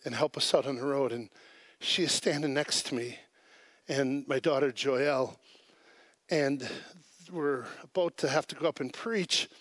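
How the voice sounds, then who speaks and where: A fairly high-voiced man preaching to his congregation in a church service. He is earnest and emphatic and hammers home his key words. The sound is dry and close. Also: no room sound. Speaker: pastor. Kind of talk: sermon.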